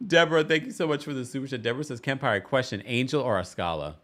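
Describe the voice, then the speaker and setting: This is a man's live-stream recap of a reality show: relaxed, talkative, and playful, with viewer comments read aloud and quick character voices for quotes. He speaks at a medium pitch, very animated, and his tone is fairly bright.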